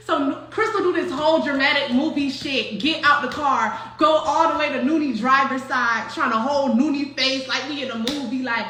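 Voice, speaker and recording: A young woman telling a story to her viewers in an animated, profane, slangy way, with many restarts. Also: sits high, brisk, hardly any pauses. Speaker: storyteller recounting a night out. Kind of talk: casual storytelling to an online audience. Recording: roomy echo.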